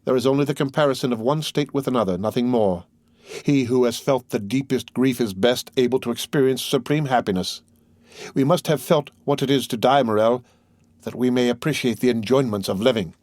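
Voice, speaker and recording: A man narrating a classic novel as an audiobook in a measured, steady reading. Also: medium pitch, dry recording, studio quality.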